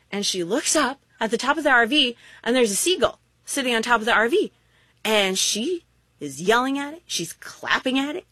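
In a recording with no room sound, a woman preaches in a high-pitched voice with a breathy edge. Her sermon weaves scripture together with humorous, playfully exaggerated storytelling, delivered in an animated, vivid way.

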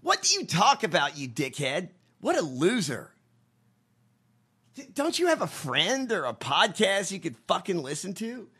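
A man's voice: high voice, huge pitch swings, a little slow, pushed and bright, slightly rough. A man co-hosting a podcast, cracking profane, mocking jokes in casual chat. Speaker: podcast co-host.

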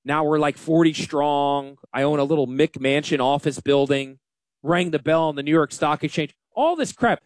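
A man hosting a casual financial radio show, talking in an animated, joking and self-deprecating way. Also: fairly high pitch, normal speed, no room sound, studio quality. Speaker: financial advisor and radio host.

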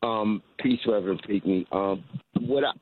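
A man's voice: on the low side, moderate pace, no echo. A man from Baltimore calling in to a radio show, hesitant and searching for his words. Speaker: caller. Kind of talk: call-in radio talk. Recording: tinny phone line.

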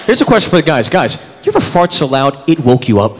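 Performing stand-up at a comedy club, a man in his thirties voices a range of characters for a laughing live crowd. He talks fast in a slightly high, sing-song voice with hardly any pauses, and the hall recording is noisy.

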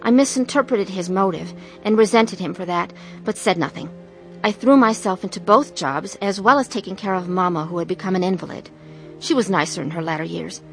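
An earnest, confessing wife. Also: female voice, fairly low pitch, fairly quick, creaky, soft background music. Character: troubled middle-aged wife telling her story, woman. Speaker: narrator and main character. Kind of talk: dramatized testimony narration.

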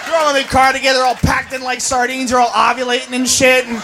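A woman doing a stand-up comedy routine, brash and profane, yelling her punchlines on a club stage. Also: high-pitched, level tone, quick pace, background noise. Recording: live club, audience crowd behind.

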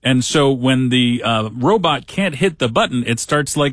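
A middle-aged radio host with a mid-range, fairly bright voice tells a story in a casual, chatty monologue with dry humor, acting out quotes in voices. He speaks at normal speed with few pauses, and there's no room sound.

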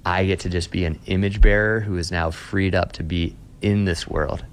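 With a deep, steady voice at normal speed, a man interviewed as a Christian author speaks earnestly and emphatically on faith. He paraphrases scripture, and there is slight background noise.

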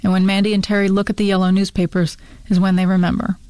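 A woman author reading her short fiction aloud, brisk and storytelling. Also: mid-range voice, flat delivery, warm tone, clean tone, dry recording. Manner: brisk storytelling with run-on sentences.

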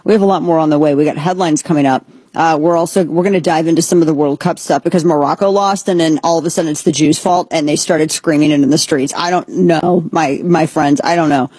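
A woman's voice: low voice, fairly even intonation, fast, mellow, slightly rough, no room sound. A woman hosting a political talk show, giving rambling, sarcastic and exasperated commentary.

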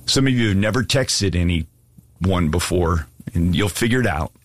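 A man's voice: deep voice, lively intonation, unhurried, no room sound. A man preaching an earnest, pleading sermon and asking listeners to give their lives to Jesus. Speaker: pastor. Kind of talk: sermon altar call.

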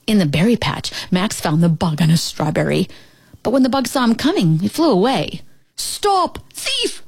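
A woman reading a children's picture book aloud, with expressive storytelling. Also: lowish voice, a little fast, creaky, breathy edge, no room sound. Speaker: storybook reader.

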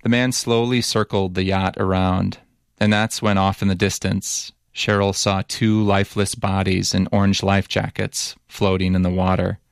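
A man narrating a documentary story as reporter in a measured, even way, also asking interview questions. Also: deep voice, vocal fry, clear, resonant tone, no echo, studio quality.

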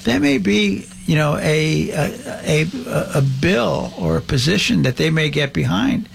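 A man hosting a talk show, speaking haltingly with many fillers and restarts. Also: fairly high pitch, lively intonation, gravelly, slight background noise. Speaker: host.

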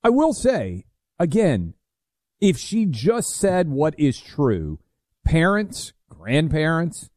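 A man's voice: a little high, huge pitch swings, slow pace, a little mellow, dry recording, clean studio sound. Chatty, teasing male radio host. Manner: teasing, chatty, filler-heavy. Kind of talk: casual talk radio banter.

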